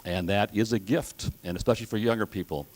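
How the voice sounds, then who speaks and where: A man graduating from auctioneering school, giving a measured, reflective thank-you speech with folksy humor. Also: fairly low pitch. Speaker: graduating student.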